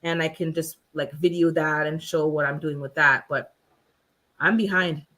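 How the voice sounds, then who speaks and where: Chatty woman telling lively stories. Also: normal speed. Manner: animated storyteller, acts out quotes with big pitch jumps and laughter. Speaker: channel host. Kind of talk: casual chat.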